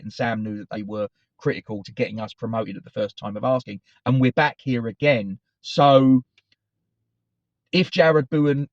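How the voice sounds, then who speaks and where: His mid-range voice has a darkish tone, captured with no echo in a dry, slightly dull recording. He's a middle-aged football fan channel host, wandering off on tangents and correcting himself as he chats casually to the camera.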